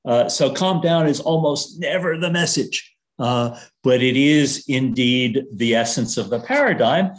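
Giving a talk on risk communication, an older man with a mid-range voice and lively intonation asks for the next slide. His delivery halts, full of fillers and restarts, and his humor is dry.

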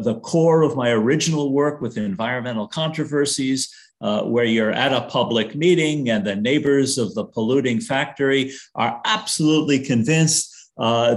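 An older man lectures from slides at a middle pitch, often pausing on "uh" and restarting his sentences. His delivery is thoughtful and unhurried, with a dry, wry humor. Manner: hesitant, many "uh" fillers and restarts, dry humor. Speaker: risk communication consultant giving a lecture.

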